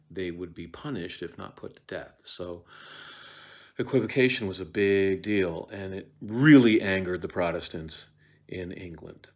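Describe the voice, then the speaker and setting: A man giving a casual lecture on a play, digressing often, with many fillers and restarts. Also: low-pitched. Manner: acts out lines in quick quoted voices. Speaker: actor teaching Shakespeare.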